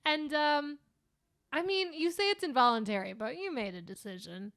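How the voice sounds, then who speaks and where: A woman's voice: sits high, a bit bright. A young woman co-hosting a podcast, chatting casually with crude jokes and frequent laughter. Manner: crude, joking, quick to laugh. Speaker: podcast co-host. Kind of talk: casual chat.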